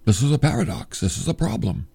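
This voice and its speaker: A man's voice: mid-range voice, big pitch swings, fast, vocal fry, mellow, breathy edge. A man teaching a Bible lesson in a chatty, joking way, reading scripture aloud and adding his own asides. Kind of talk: casual Bible storytelling.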